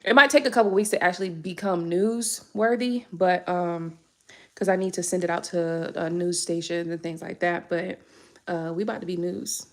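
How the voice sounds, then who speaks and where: A young tarot reader chats casually on a live stream, sounding candid and slangy and swearing freely. Her voice is fairly low for a woman, a bit bright, and at normal speed.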